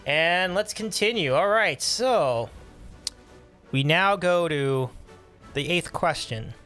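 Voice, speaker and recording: A man hosting a casual livestream, reading and answering chat with upbeat, animated talk and frequent laughs. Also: a little high, slow pace, faint music behind. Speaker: livestream host.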